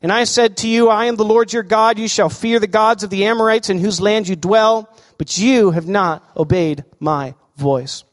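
A man with a high voice preaches a lively sermon, asking the congregation questions. His voice rings out with a long reverb in a large hall. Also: moderate pace, hardly any pauses. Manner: animated preaching, asks the crowd questions. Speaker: pastor.

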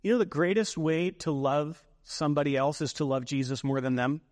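A man's voice: a little high, fairly even intonation, brisk, long reverb tail. A man preaching a sermon as a pastor, emphatic, repeating phrases for weight.

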